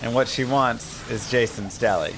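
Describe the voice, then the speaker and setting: A man's voice: mid-range voice, normal speed, vocal fry, over music. A man streaming a game, casually telling rambling anecdotes and laughing often. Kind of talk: casual live-stream chat.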